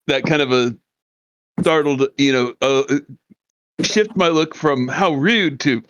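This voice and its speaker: A man playing an online tabletop game, haltingly describing his character's reaction. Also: medium pitch, clear, resonant tone, no room sound, muffled recording. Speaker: player. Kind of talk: casual game talk.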